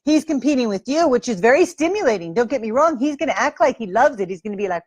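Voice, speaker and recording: A woman's voice: on the high side, lively intonation, quick pace, hardly any pauses, a little mellow, breathy edge, no echo. A woman dating coach giving advice straight to camera in a breezy, playful way, acting out sample lines.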